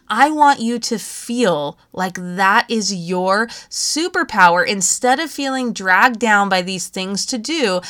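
A woman's voice: a little high, fairly bright tone. A woman in her thirties hosting a podcast, chatting casually with frequent laughs and playful asides. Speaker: podcast host.

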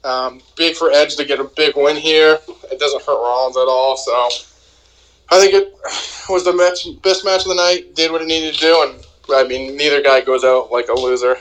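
A man co-hosts a casual wrestling chat in a fairly high, bright, tense voice. He is blunt and fills his sentences with "like" and restarts. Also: fairly even intonation, normal speed, rough recording. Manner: filler-heavy, says "like" a lot, blunt. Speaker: co-host.

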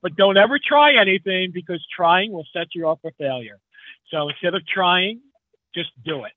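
A man's voice: sits high, lively intonation, normal speed, dry recording. A man, a guest truck driver, chatting casually in a rambling, easygoing way and laughing easily. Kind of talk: casual podcast chat. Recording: tinny phone line.

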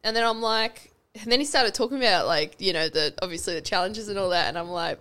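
Casting: young Australian woman, mid-pitched voice, animated and giggly guest with a loose, sweary delivery. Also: fast talker. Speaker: podcast guest. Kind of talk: casual chatty storytelling.

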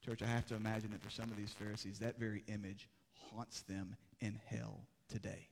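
A man's voice: on the low side, flat delivery, brisk, gravelly, a little hiss or hum. Impassioned male preacher in a reverberant hall. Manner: impassioned, rising to urgent exhortation, then hushed and grave. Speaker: pastor. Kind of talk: sermon. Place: church sanctuary.

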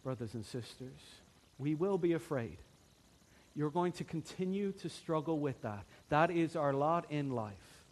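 A man preaching a sermon as pastor, earnest, swinging from soft, quiet passages to fervent, emphatic build-ups. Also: a little high, animated, a little slow.

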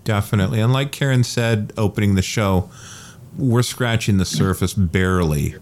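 A man's voice: fairly low pitch, moderate pace, darkish tone. A man hosting a casual chat show, easygoing and friendly. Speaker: host.

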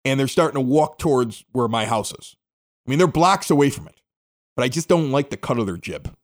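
A middle-aged man from the Chicago area hosting a local podcast, telling a story casually and acting out the quotes. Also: a little fast. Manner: animated, acts out quotes with big pitch jumps. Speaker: podcast host.

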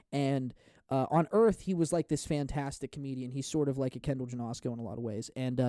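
A man hosts a solo comedy podcast and rambles from one goofy, self-mocking bit to the next, swearing freely. His pitch swings widely as he talks. The recording sounds close and dry, with no room sound. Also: mellow, no echo. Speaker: podcast host. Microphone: studio podcast microphone.

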